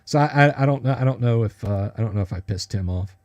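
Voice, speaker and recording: A man's voice: mid-range voice, fast, darkish tone. A man hosting a casual livestream at his computer, talking in a rambling, joking way with many fillers and restarts. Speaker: livestream host.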